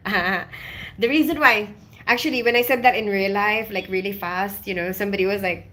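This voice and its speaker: A woman's voice: medium pitch, moderate pace, a bit bright. A woman with a mixed Filipino and British accent, chatting casually on a livestream, rambling through stories and laughing often. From Philippines. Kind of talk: casual live-stream chat. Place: abroad in Colombia.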